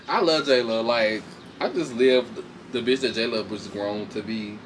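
A man casually recapping a reality show fight with lots of swearing, laughter, and sudden high mocking voices. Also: moderate pace, noisy background. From Chicago. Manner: animated, profane, laughs often, shifts into high mocking voices. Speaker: commentator reacting to a reality show. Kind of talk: casual chat.

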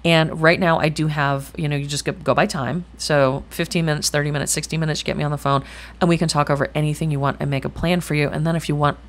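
A woman's voice: sits low, flat delivery, quick pace. A middle-aged woman giving a chatty tarot reading to camera, rambling and thinking aloud, swearing casually and speaking bluntly. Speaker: tarot reader.

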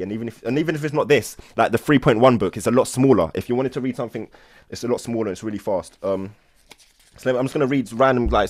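Fast-talking man teaching casually. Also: on the low side, dry recording, studio quality. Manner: enthusiastic, rambling, with many restarts. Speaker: host of a Buddhist study session.

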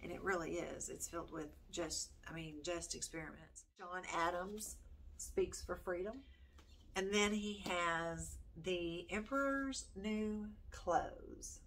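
Speaking slowly, with fairly even intonation in a lowish, fairly bright voice, an older Southern grandmother chats about homeschool books for her vlog. She's folksy and chatty, talks casually to the camera, and reads book titles aloud. There's slight background noise.

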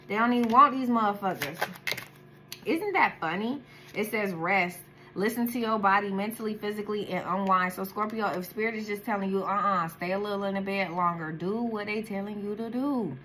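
A woman's voice: mid-range voice, fairly quick, pushed and bright, slight background noise. A woman with a daughter doing a casual tarot reading, talking bluntly with heavy slang and profanity. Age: adult, has a daughter. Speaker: tarot card reader.

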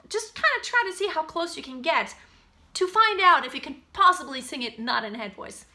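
A woman's voice: high voice, sing-song, fairly quick, bright, forceful tone. A woman teaching singing, explaining technique in speech and switching into sung demonstrations of a phrase. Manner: alternates spoken coaching with sung examples. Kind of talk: vocal lesson with sung demonstrations.

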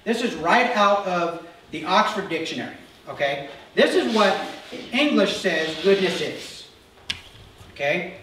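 A man's voice: high voice, lively intonation, measured pace, fairly bright tone, a little hiss or hum. A male pastor preaching a conversational sermon who often asks the congregation questions, recorded in a church sanctuary. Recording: echoey church hall miked from far off.

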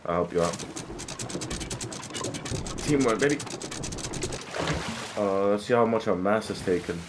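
A young man with a lowish voice plays a game while chatting with his teammates, excitable and quick to swear. He breaks into sudden loud bursts. Clear boat and water game sounds run underneath his voice. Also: noisy background. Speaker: game streamer. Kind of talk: casual gameplay chat with teammates.

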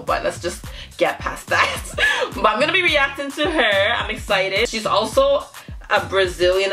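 A woman's voice: fairly low pitch, sharp tone. A woman hosting a casual reaction vlog, bubbly and giggly, gushing out exclamations to her viewers. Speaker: YouTube reaction host.

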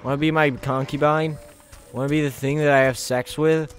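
A man with a hoarse, gravelly voice casually commentating a video game, crude and joking. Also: fairly high pitch, little pitch movement, normal speed, faint music behind. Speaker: gamer. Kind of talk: casual let's play commentary.

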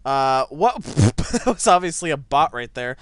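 A young man commentating his own gameplay, excitable, breaking into yelps and laughter, on a desk mic set back a little. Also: medium pitch, a little slow, smooth, no room sound. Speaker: gaming channel host. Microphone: desk microphone set back a little.

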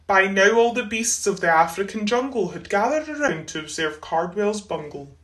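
A woman reading a rhyming children's storybook aloud, expressive and rhythmic. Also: medium pitch, moderate pace. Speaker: school reader.

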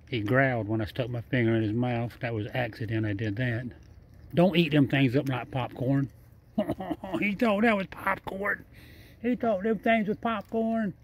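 A man's voice: mid-range voice, breathy edge. A man talking casually outdoors at night, coaxing a wild animal and rambling on with repeated phrases, chuckles and nonstandard speech. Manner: chatty and repetitive, coaxing and laughing, nonstandard speech. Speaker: vlogger feeding a wild raccoon. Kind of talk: casual running commentary to camera and animal.

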